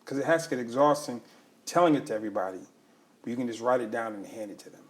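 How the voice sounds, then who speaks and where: A man's voice: medium pitch, fast. Encouraging podcast host man. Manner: encouraging, hype-man energy. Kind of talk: conversational interview.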